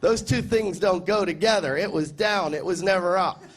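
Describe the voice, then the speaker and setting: An American man performing a stand-up comedy set, sarcastic and deadpan, mock-outraged when quoting people. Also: high-pitched, moderate pace. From United States. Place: large comedy festival stage with cheering audience.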